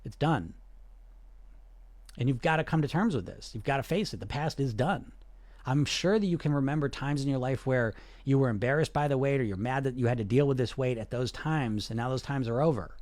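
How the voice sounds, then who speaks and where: A man's voice: medium pitch, fairly quick, a little mellow, no room sound. A man, coaching on weight loss and talking earnestly and persuasively, often checking in with the listener. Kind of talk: direct-to-camera coaching talk.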